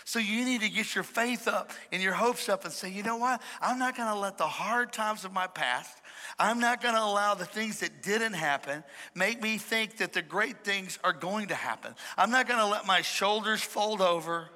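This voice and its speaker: High-voiced, bright preacher man in echoing hall. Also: normal speed. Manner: emphatic, calls the crowd to shout back, humorous. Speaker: pastor. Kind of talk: sermon. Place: large church hall. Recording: echoey hall reverb.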